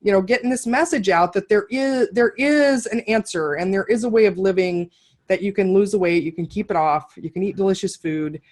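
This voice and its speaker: A woman hosts a podcast interview in an easy conversational tone. She affirms her guest and asks questions, her voice sitting at an ordinary middle pitch. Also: fairly quick, darkish tone. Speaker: podcast host. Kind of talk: casual interview chat.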